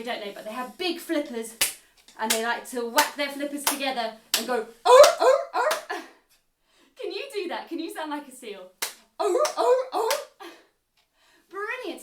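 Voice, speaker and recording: Animated high-voiced woman leading kids' games. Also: a little fast, background noise. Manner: animated, sing-song, encouraging. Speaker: children's activity presenter. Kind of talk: leading a kids' movement game. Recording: roomy sound from a distant mic.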